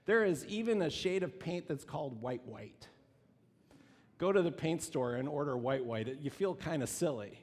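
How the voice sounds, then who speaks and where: A man's voice: a little high, animated, moderate pace, slightly rough. A man preaching a sermon, telling the story with animation and acting out quoted voices. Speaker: pastor. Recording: long reverb of a hall.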